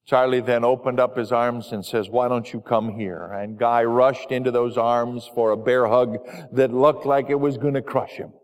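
A man, a pastor, telling a story in a sermon with earnest delivery and dramatic pauses. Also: mid-range voice, steady tone. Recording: long hall reverb.

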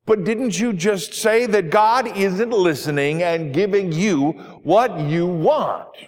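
A man voicing a gentle, apologetic pastor who stammers softly and teases kindly, with a long hall reverb. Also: high-pitched, slow, pitched above the performer's own voice. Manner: stammering, soft-spoken, gently teasing. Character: gentle, apologetic male pastor visiting a patient.

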